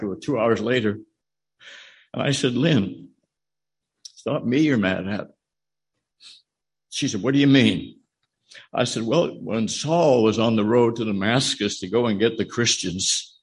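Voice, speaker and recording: A man's voice: lowish voice, slightly rough. An older man, an evangelist, telling his conversion story in a plain, storytelling way with frequent restarts. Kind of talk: personal testimony in a sermon.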